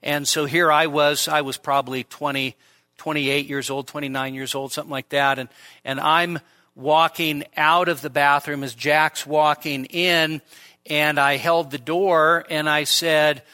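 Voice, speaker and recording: Bright-voiced emphatic male preacher. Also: on the high side, little pitch movement, unhurried. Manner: earnest, emphatic, repeats phrases for stress. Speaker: pastor. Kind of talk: expository sermon. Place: church.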